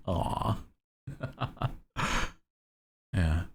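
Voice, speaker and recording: A young male streamer with a very deep, low voice, talking in an unhurried, laid-back monotone. He chats casually with his viewers, giggling now and then as he reads their messages. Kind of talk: casual chat with chat.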